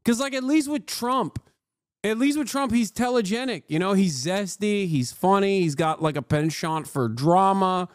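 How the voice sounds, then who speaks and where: A man's voice: sits high, animated, moderate pace, no room sound, clean studio sound. A male streamer giving live reaction commentary in a profane, sarcastic, ranting manner. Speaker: streamer, host.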